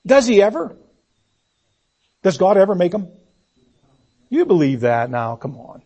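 A man preaching a sermon. He asks the congregation rhetorical questions and swings between loud emphasis and hushed delivery. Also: high-pitched, very animated, measured pace, long pauses, slightly rough.

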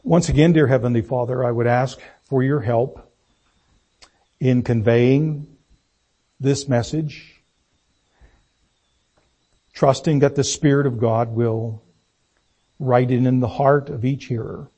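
A man preaching a sermon, reading scripture and praying in a deliberate, emphatic way. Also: mid-range voice, fairly even intonation, warm tone, breathy edge. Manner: slow, deliberate, emphatic delivery.

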